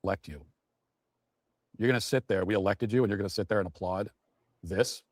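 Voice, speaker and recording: Male pundit, rapid indignant rant, dead-dry studio mic. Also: fairly low pitch, dry recording. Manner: indignant, mocking, ranting. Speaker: political commentator. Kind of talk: heated political commentary.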